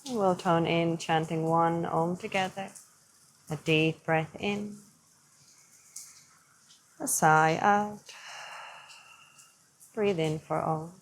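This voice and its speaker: A young adult woman teaching yoga, guiding breathing in a slow, gentle, soothing way. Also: fairly low pitch, steady tone, a little hiss or hum, rough recording. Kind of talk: guided yoga instruction.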